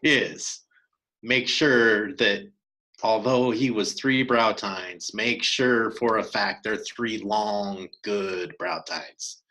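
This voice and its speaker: A man, co-hosting a podcast, telling a hunting story in an animated way with many restarts. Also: lowish voice, very slow, poor audio. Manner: animated, acts out quoted dialogue, many restarts. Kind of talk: casual storytelling chat.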